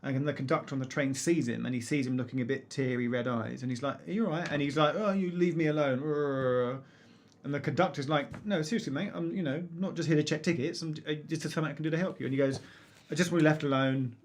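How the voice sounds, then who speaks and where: A man co-hosting a casual quiz livestream, telling a story in an animated way and laughing often. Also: fairly high pitch, fast talker, a little hiss or hum. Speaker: quiz co-host.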